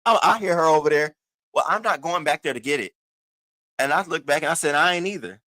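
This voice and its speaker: A man with a fairly high, bright, forceful voice tells a story on a casual livestream. He swears freely and talks with big animated energy. He acts out the other people in the story as he goes. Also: fairly quick. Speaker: host of an online news show.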